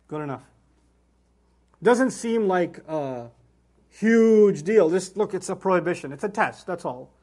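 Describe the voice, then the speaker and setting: Man, high voice, animated storytelling, religious talk. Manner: animated storytelling, rhetorical questions. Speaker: Islamic speaker.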